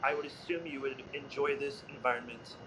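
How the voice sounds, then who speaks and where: Male player as a proud, defiant woman in a tabletop game; bright, crisp tone. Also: mid-range voice, steady tone, a little fast, a little hiss or hum, close to an everyday voice, rough recording. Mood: calm. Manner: defiant, self-assured. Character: proud self-scarring female temple visitor.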